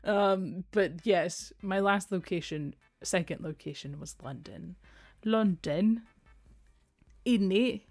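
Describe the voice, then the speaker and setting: A woman's voice: fairly low pitch, slow, darkish tone, no room sound, soft background music. A young adult woman streaming, chatting casually and playfully, with frequent giggles and rambling asides. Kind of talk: casual livestream chat.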